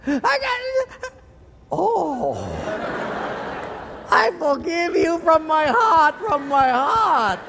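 A man putting on the shrill, hysterical voice of someone whose puppy was run over, shouting and sobbing in a sermon. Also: very animated, extremely slow, vocal fry, long pauses, in a large hall, background noise, heavily acted. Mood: tearful. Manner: shrieking, sobbing, then gushing. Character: shrill, frantic grown-up who lost a puppy.

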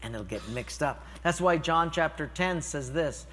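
An older man preaching a sermon, telling stories with lively swings from loud calls to hushed, quiet lines. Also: a little high, measured pace, long reverb tail. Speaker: pastor.

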